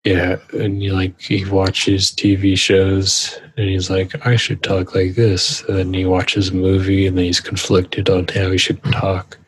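A young man co-hosting a podcast, talking slowly and halting with a deadpan delivery. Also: low-pitched, breathy edge, rough recording. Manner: slow and halting, many fillers, deadpan. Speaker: podcast co-host. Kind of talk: crude casual banter.

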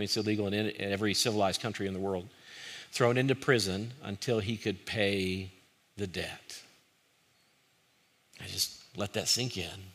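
Male pastor, sermon delivery, bright lowish voice, earnest with forceful peaks and hushed pleading. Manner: earnest, rising to forceful emphasis, dropping to hushed pleading in quotes.

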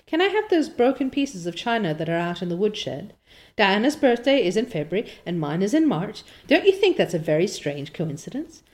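A woman reading aloud as an excitable, chatty orphan girl who gushes with wide-eyed delight. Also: mid-range voice, close to an everyday voice. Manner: breathless, gushing, wide-eyed.

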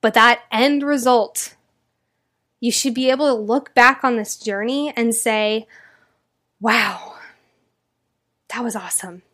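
A young woman with a fairly high voice hosts a motivational podcast. She talks straight to her listeners in an earnest, gushing way and grows emotional as she goes. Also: fairly even intonation, unhurried, fairly bright tone. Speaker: podcast host.

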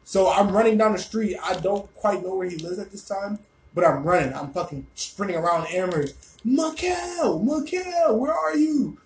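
A young man telling a story casually, animated, rambling and full of swearing. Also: high voice, fairly quick, roomy sound, slight background noise, rough recording.

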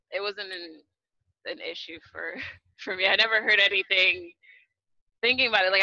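Hesitant man with a very bright, high voice. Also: dry recording. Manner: hesitant, soft-spoken, trailing off. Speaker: panelist. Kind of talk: casual panel discussion. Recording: dry, slightly dull recording.

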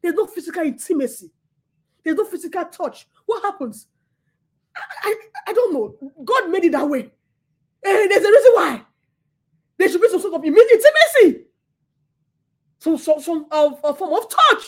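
A woman preaching a sermon with passion, who repeats her words and swings between laughter and near tears. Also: very high voice.

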